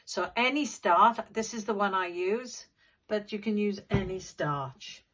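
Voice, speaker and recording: A middle-aged woman teaches a quilting class, walking through each step with patient care. She takes her time, letting every instruction land. Her voice sits in an ordinary middle pitch, plain and practical. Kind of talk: hands-on sewing demonstration. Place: sewing room at a machine.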